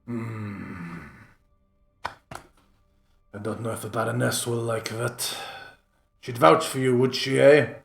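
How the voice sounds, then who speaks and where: A man's voice: medium pitch, steady tone, slow pace, vocal fry, long pauses, soft background music. A man playing a suspicious male town gate guard who questions travellers bluntly, in a tabletop game.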